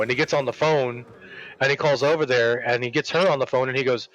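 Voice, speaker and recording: While streaming a game, a man with a mid-range voice rambles through a long workplace story in casual chat, animatedly acting out the people he quotes. He talks fast, and the audio is dull.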